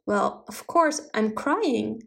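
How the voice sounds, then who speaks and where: A woman voicing a spoiled young princess who is bossy and demanding, speaking high and insistent. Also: lively intonation, slow pace, creaky, a bit bright, heavily acted. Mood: whiny.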